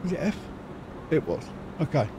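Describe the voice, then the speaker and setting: A man's voice: fairly high pitch, big pitch swings, moderate pace, noisy background. A middle-aged man from England, talking casually and rambling as he comments on his own truck game play. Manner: chatty, rambling, self-mocking. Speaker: gaming channel host.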